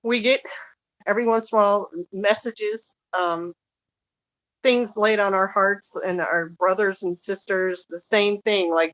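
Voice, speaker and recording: A woman with a mid-pitched voice talks earnestly in a relaxed interview, pausing often to find her words. The sound is close and dry. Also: dry recording, rough recording. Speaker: guest author. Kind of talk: casual conversational interview.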